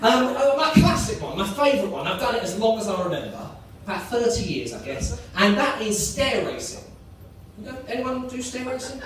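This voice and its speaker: A man does live stand-up in a chatty, self-mocking way. His voice sits fairly high. He is heard from a distance in an echoey club over a noisy room. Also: very animated, fairly quick. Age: 30s. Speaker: stand-up comedian. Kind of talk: live stand-up with crowd work. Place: comedy club.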